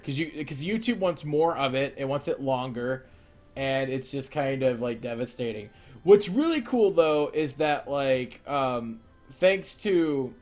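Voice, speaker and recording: A young man live-streaming while he draws, chatting casually and rambling as he answers viewer questions. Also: medium pitch.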